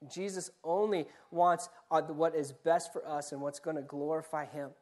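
A man's voice: a little high, fairly even intonation, normal speed, a little mellow. A man, a pastor, preaching a sermon, building points through repeated phrases and direct questions to the listeners. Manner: preaching with rising emphatic repetition.

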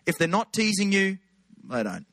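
A man with an Australian accent, a pastor telling funny stories in an animated sermon. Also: high-pitched, moderate pace, no room sound. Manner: animated, jokey, lots of put-on voices. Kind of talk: humorous sermon storytelling.

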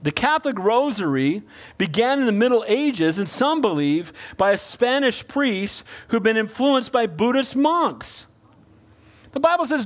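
A man preaching a sermon, calling out for amens and swinging between loud emphasis and hushed pleading. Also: extremely high pitch, big pitch swings, a little slow. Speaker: pastor.

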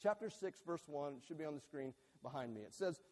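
Preaching in a church sanctuary with a screen at his back, a male pastor speaks in a fairly high, darkish voice that echoes with long reverb, as a large hall would. His delivery is earnest, emphatic and a little fast, with lively intonation. To drive his point home he repeats key phrases, doubles words and restarts them.

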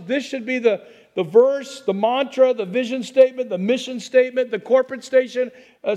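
High-voiced man preaching a conversational sermon. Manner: conversational preaching with asides and repetitions; drops to a hushed voice on calm phrases. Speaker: pastor.

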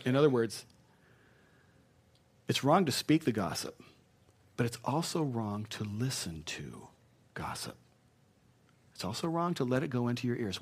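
A male preacher delivering a sermon in a loose, conversational way. He pokes fun at himself and circles back to repeat his main phrases for emphasis, at a middling pitch. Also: husky. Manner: conversational, self-deprecating, repeats key phrases.

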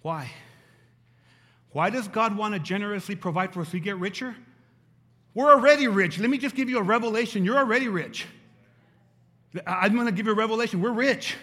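Man, middle-aged, pastor, sermon, high voice, emphatic repetition, reverberant hall. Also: brisk, long pauses, sharp tone.

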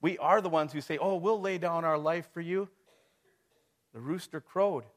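A man's voice: a little high, moderate pace. A middle-aged man preaching a sermon to his congregation, talking it through casually, with rhetorical questions and chuckles. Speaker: pastor.

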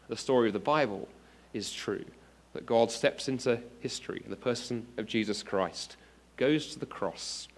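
A man giving an earnest apologetics talk to an audience, addressing listeners directly with examples and rising to emphatic exclamations. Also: on the low side. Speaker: preacher. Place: speaking to an audience of students.

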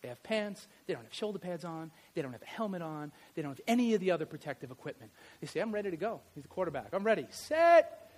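A middle-aged man preaching a sermon, telling stories in a lively way and swinging from loud to quiet. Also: high voice, fast talker. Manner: animated storytelling, varies loudness widely. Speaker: pastor and history teacher.

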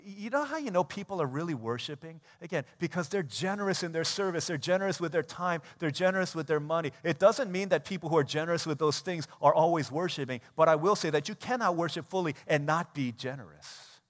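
Animated male pastor preaching in a hall. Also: a little high, fairly quick, few pauses. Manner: animated, acts out everyday scenes in quoted voices. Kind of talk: sermon. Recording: long church hall reverb.

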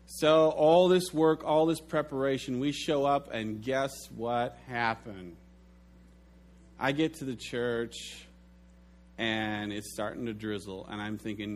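A middle-aged pastor preaching a sermon, telling stories with lively swings in his delivery. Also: medium pitch, slow. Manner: animated storytelling, acts out his own shouted outburst.

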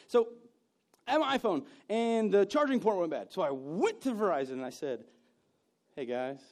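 Storytelling preacher man, swinging loud and soft. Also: high voice. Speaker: pastor. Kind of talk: sermon.

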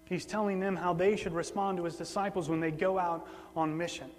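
A man preaching a sermon in a relaxed, conversational way, often repeating words for emphasis. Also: high voice, a little fast. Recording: long hall reverb, faint mains hum.

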